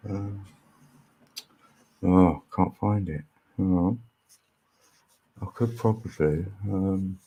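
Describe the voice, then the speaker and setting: A man's voice: sits low, a little mellow, breathy edge. A man talking in a rambling, chatty livestream monologue, laughing often and thinking aloud. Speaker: livestream host.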